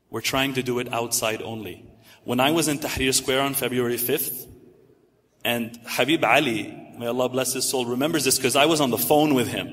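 A man's voice: medium pitch, a bit bright. A man giving a religious lecture to a live audience, emphatic, building lists with rising stress. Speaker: religious speaker. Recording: echoey hall reverb.

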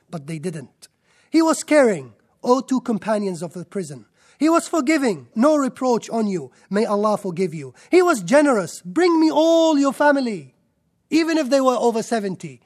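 A man giving a sermon in an emphatic way, stacking up lists and rhetorical questions. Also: high-pitched. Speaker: preacher.

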